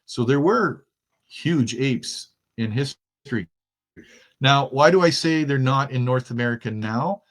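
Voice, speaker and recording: A man's voice: medium pitch, unhurried. A middle-aged man from Germany with no accent, a guest in a casual interview, talking in an easygoing, chatty way and laughing easily. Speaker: guest, outdoors expert.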